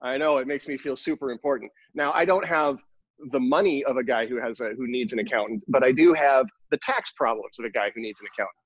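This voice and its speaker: A man's voice: mid-range voice, fast talker, no room sound, dull audio. A man co-hosting a podcast in casual chat, telling rambling, joking stories. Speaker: podcast co-host.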